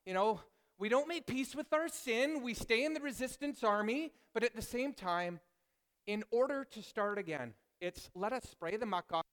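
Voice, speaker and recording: A man preaching a sermon as pastor, telling a self-deprecating personal story in a lively, animated way. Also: very high-pitched, normal speed.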